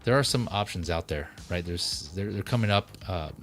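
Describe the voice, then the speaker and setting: A man with a low voice, talking at a normal speed, hosts a relaxed livestream about collectible figures. His loose, rambling chat is dotted with fillers and restarts, and soft background music accompanies him.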